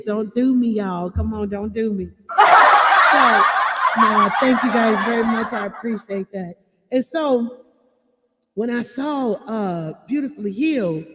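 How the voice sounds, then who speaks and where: High-voiced woman chatting on a live stream, lots of "you know what i'm saying", some long echo on it. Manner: emotional, laughing, loud bursts of excitement. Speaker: channel host reading live chat. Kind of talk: casual live-stream chat.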